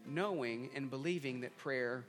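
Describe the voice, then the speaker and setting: A man's voice: medium pitch, unhurried. A man preaching a sermon to a congregation, earnest and repeating a refrain as he leads an altar call and a line-by-line prayer. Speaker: pastor. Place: church hall before a congregation. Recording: long hall reverb with soft guitar.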